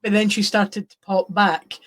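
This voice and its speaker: A woman's voice: mid-range voice, level tone, normal speed. A woman guest on a podcast, chatting casually and teasing the host. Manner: teasing, playful. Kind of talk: casual chat.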